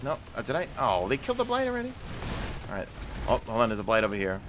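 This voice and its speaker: A man's voice: mid-range voice, huge pitch swings, fast, noisy background. A man with a New York accent streaming a video game live, chatting casually and answering viewer questions while he plays. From New York City. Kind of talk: live gameplay commentary.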